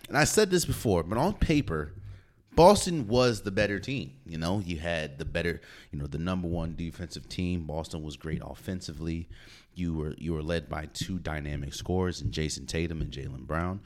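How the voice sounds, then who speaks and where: Into a podcast mic, a deep-voiced man hosts his own sports podcast at normal speed. His talk is loose and animated, broken by frequent laughter and repeated words when he starts over.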